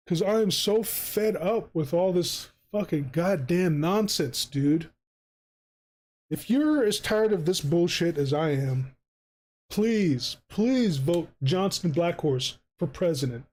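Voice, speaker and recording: Angry swearing streamer man. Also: high-pitched. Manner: heated, swearing, sarcastic mock-campaign speech. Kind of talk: angry profane rant while drawing on stream.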